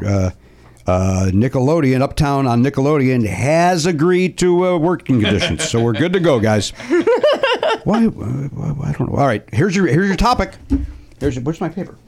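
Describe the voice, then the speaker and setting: A man hosting a casual chat podcast, joking in a dry, deadpan way. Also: medium pitch, normal speed. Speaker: podcast host.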